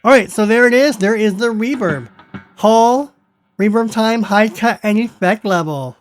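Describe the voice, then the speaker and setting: Speaking a little slowly in a high voice, a man explains his guitar effects settings in an offhand, tutorial-style way. He's playful and self-amused, chuckling as he goes, while an electric guitar plays behind him.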